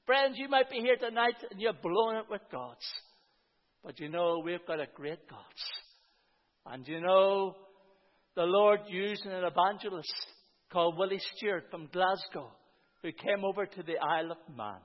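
A man's voice: sits high, a little slow. A man in his fifties preaching his testimony to a church gathering, earnest and often repeating "and you know, friends". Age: 50s. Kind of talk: sermon testimony. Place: church hall with about 150 people. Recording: reverberant hall, dull lo-fi sound.

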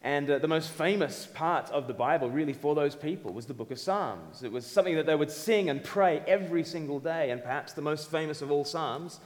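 A man's voice: fairly high pitch, a little fast, hardly any pauses. Man preaching in a reverberant hall. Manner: animated, conversational, audience-engaging. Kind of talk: sermon.

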